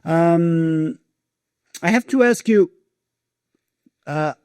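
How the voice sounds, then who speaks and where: A man's voice: on the high side, extremely slow, a little mellow, smooth, dry recording, clean studio sound. A man from Brazil with a Brazilian Portuguese accent, hosting a podcast and asking casual, friendly questions. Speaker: podcast host. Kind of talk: conversational interview.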